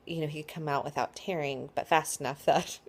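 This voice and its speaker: Tired woman in her 30s, low voice, rambling chatty vlog story. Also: fairly even intonation, fairly quick. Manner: chatty, rambling, with frequent likes and ums. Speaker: vlogger. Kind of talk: casual birth story vlog.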